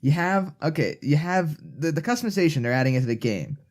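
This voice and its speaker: Guy cohosting a podcast, kinda high voice, rambles a lot and keeps restarting his sentences. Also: lively intonation, quick pace. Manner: rambling, self-correcting, opinionated. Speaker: co-host. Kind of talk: casual podcast chat.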